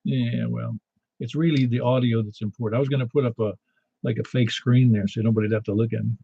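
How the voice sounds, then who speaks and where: Mellow-voiced chatty older ham radio host. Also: male voice, mid-range voice, steady tone, fast talker, vocal fry, breathy edge, no room sound, lo-fi sound. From Niagara Falls, New York. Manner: chatty, self-deprecating storyteller with restarts. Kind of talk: casual on-air radio chat.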